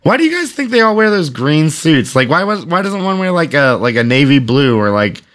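A man co-hosting a comedy podcast, excitable and rambling, laughing often in casual banter. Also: on the high side, a little fast. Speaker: podcast co-host.

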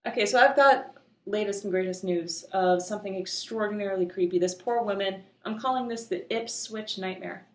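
A woman co-hosting a casual podcast, telling a creepy news story in an animated way and swearing freely. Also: medium pitch, fairly quick. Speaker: podcast co-host. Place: home room with poor soundproofing. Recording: echoey room.

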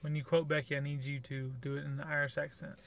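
A man's voice: on the high side, flat delivery, quick pace, creaky, a bit bright. A man co-hosting a podcast, giving blunt, sarcastic opinions in casual review chat. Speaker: podcast co-host.

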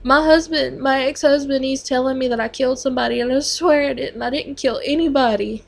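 A frightened female patient in crisis, put on by a woman retelling the moment. Her voice climbs higher than the storyteller's own. She pleads and repeats herself, tearful and scared. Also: steady tone, fairly quick, vocal fry. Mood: pleading.

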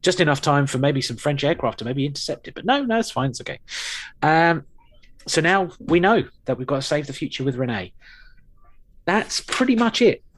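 A man's voice: on the high side, lively intonation, normal speed. A man co-hosting a podcast, chatting casually and wryly with lots of fillers. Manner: rambling, wry, with many fillers and restarts. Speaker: podcast co-host. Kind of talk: casual chat reviewing an episode.

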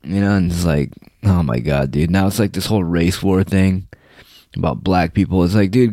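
A man's voice: sits low, normal speed, mellow, no room sound, clean studio sound. A young man from the United States delivering a rambling, profane, mocking monologue in casual chat.

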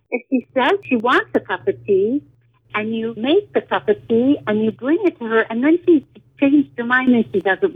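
A middle-aged woman speaks earnestly over a thin, tinny phone line. Her voice is husky and a little breathy. She talks with emphatic, steady conviction. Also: fairly high pitch. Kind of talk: candid conversation.

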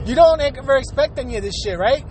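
A man's voice: very high voice, animated, fast talker, darkish tone, a little hiss or hum. A man hosting his own podcast, ranting casually with lots of swearing, fillers and frequent laughter. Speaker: podcast host. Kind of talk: casual profane rant.

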